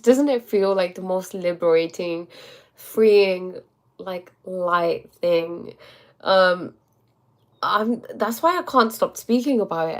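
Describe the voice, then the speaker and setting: A young woman hosting a casual monologue, animated and emphatic, with many asides to her audience. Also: fairly low pitch. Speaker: host. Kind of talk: casual monologue reading viewer comments.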